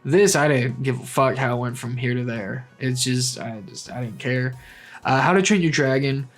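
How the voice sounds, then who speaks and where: A young man giving casual, opinionated movie ratings in a blunt, rambling way, swearing freely and breaking into animated asides. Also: mid-range voice, normal speed, faint music behind. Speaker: movie vlogger.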